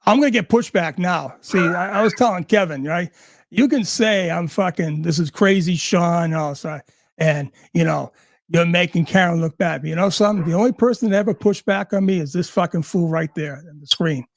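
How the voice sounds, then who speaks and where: A man's voice: high voice, fairly quick, gravelly, dry recording, studio quality. A man ranting angrily and sarcastically, swearing at almost every turn. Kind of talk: profane rant.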